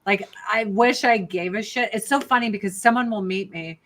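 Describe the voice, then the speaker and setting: A woman's voice: mid-range voice, moderate pace, fairly bright tone. A woman guesting on a podcast over a video call, talking candidly and joking, swearing freely. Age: older. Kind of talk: casual podcast chat. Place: rural home.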